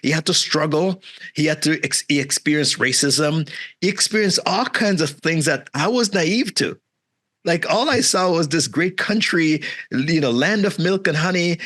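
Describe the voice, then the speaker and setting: A man's voice: a little high, normal speed. A middle-aged man from Jamaica, a guest entrepreneur, telling stories in a casual interview and acting out other people's voices. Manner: animated, acts out quoted voices, frequent "right?" and "man".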